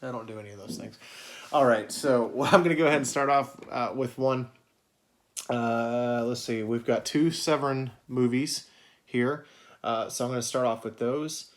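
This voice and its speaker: A man's voice: medium pitch, moderate pace. A man hosting a casual video review of his movie collection, rambling with many fillers and frequent swearing. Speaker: video host.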